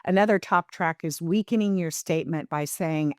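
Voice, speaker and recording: A woman with a fairly low voice hosts the discussion, agreeing readily and turning to guests with questions. Her delivery is relaxed, with the odd filler. The recording is close and dry. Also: moderate pace, few pauses, dry recording. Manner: affirming, leads the discussion with some fillers. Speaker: podcast host. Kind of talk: conversational coaching talk.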